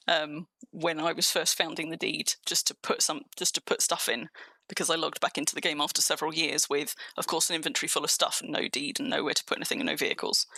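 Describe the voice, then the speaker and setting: A woman's voice: deep voice, gravelly, sharp tone, no echo. A young adult woman streaming a game, rambling cheerfully through a tour and answering her viewers' chat as she goes.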